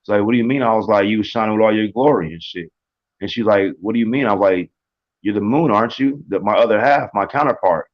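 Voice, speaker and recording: Low-voiced laid-back man, dull lo-fi. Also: fast. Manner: relaxed, rambling, slangy, with restarts. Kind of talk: casual chat. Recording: dull lo-fi sound.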